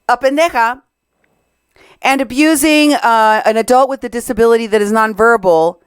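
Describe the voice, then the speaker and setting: A woman's voice: a little high, moderate pace, clean tone, no room sound. A Mexican American woman hosting a podcast, commenting on recorded clips in an indignant, sarcastic way. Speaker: podcast host.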